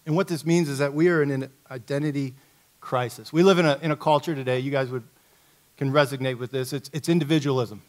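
A middle-aged man from Indiana, a coach giving a talk at a church, telling a story in a lively, conversational, self-mocking way. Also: medium pitch, fast. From Indiana, USA.

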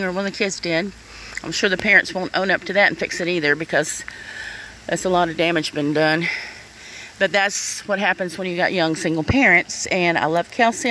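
A middle-aged woman rants to her viewers while standing outdoors in the rain. Her voice is bright and sharp, and she swears bluntly, calling people "honey" and "y'all." Faint outdoor noise runs underneath. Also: on the low side, poor audio. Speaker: vlogger. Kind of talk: casual vlog rant.

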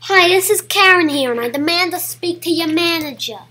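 A man putting on a shrill entitled woman demanding the manager. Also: animated, normal speed, sharp tone, slight background noise, full character voice. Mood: indignant. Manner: shrill, insistent complaining.

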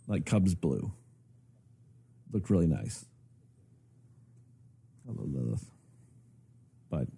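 A man's voice: fairly low pitch, slightly rough, dry recording. A man co-hosting a podcast in casual chat, ranting and swearing a lot as he talks. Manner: profane, ranting, animated. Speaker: podcast co-host.

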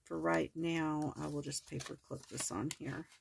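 Woman crafting host, lowish gravelly voice, hoarse, chatty and rambling, faint hiss behind. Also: steady tone, normal speed. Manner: chatty, rambling, many ums and self-corrections. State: hoarse, voice cracking. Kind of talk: casual crafting walkthrough.

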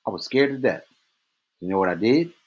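A man putting on a big, shaken prison guard in a storybook reading, plain-spoken with rough grammar. The voice sits a little above the reader's own low, husky tone. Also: animated, brisk, darkish tone, low-quality recording. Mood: earnest.

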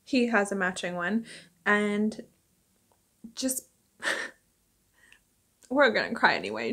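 A woman's voice: on the high side, a bit bright, slightly rough. A young woman, an actress, chatting emotionally and casually at home for her vlog, laughing often. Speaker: actress and vlogger. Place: at home indoors.

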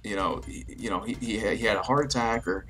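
A man's voice: lowish voice, brisk, faint music behind. Rambling young man telling stories. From New Jersey, US. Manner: relaxed storytelling, frequent fillers and restarts. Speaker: interview guest, YouTube creator. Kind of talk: casual interview answers.

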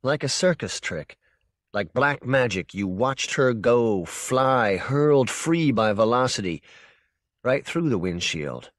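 A man narrating a short story for an audiobook in a measured, intense second-person voice. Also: medium pitch, animated, no room sound, studio quality. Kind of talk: scripted narration.

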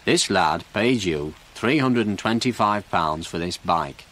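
A man voicing a calm, stern police sergeant who speaks in a firm, measured way. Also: deep voice.

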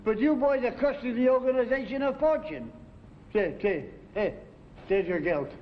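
A kvetching little lawyer for leprechauns, highish voice, dull old tv sound. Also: male voice, expressive, moderate pace. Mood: grumbling. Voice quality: wry, grumbling, kvetching. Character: fussy middle-aged leprechaun lawyer, world-weary. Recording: dull 1970s TV sound with faint noise.

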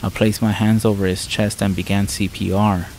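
A man reads a scripted horror story in the first person, measured and somber. His voice sits low with a flat, even melody. Soft rain patters faintly behind him. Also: background noise. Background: faint rain sounds.

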